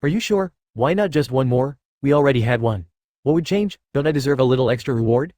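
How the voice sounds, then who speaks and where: A man's voice: mid-range voice, animated, a little fast, darkish tone, no room sound, studio quality, close to an everyday voice. A man voicing a playful, mischievous young man who coaxes and teases his girlfriend in an audiobook story. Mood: teasing. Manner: playful, coaxing.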